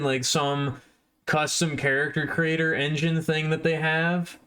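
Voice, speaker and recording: A man's voice: a little high, a bit bright. A man livestreaming, rambling casually and poking fun at himself while chatting with his viewers.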